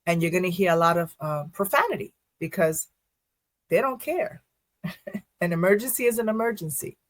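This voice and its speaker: A woman in a casual interview, a first responder and poet who tells her stories with quick asides and frequent laughter. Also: fairly low pitch, animated. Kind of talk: casual podcast interview talk.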